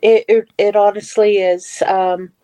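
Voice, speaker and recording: A woman's voice: mid-range voice, flat delivery, measured pace, dark tone, poor audio. A middle-aged woman telling a personal story as a guest in a casual talk, with many fillers and restarts. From Western Pennsylvania / Ohio area.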